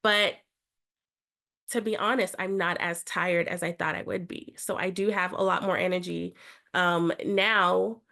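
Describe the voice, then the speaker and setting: A woman's voice: on the low side, steady tone, unhurried, gravelly, sharp tone. A young woman talking in an earnest, motivational way in a casual chat. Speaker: reality show contestant.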